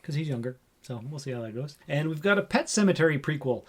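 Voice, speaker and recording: A man hosting a relaxed podcast, his voice sitting a bit higher than most men's. He reads out news items, then chats and riffs on each one. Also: fast talker. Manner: chatty, reads headlines then riffs on them. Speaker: podcast host. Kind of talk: casual chat reading news.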